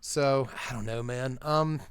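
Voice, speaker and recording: A man's voice: mid-range voice, unhurried, clear, resonant tone, dry recording, clean studio sound. A man doing a casual live-stream review of game cards, chatting and thinking aloud with rambling asides and restarts.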